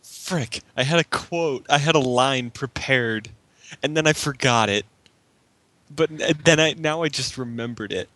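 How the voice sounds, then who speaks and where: A man's voice: mid-range voice, unhurried, pushed and bright, dry recording. A man playing a tabletop role-playing game, chatting casually and filling his talk with "like" and "kinda". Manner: rambling, leans on "like" and "kinda". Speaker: player.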